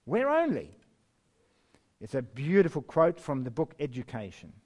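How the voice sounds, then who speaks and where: A man preaching a sermon and reading scripture, slow and emphatic, with wide swings in pitch and loudness and the odd chuckle. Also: huge pitch swings, breathy edge. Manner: chuckles now and then.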